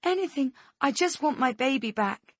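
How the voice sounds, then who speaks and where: A woman's voice: animated, normal speed, no echo. A woman voicing a desperate mother who pleads frantically for her daughter. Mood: pleading. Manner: frantic, high-pitched pleading.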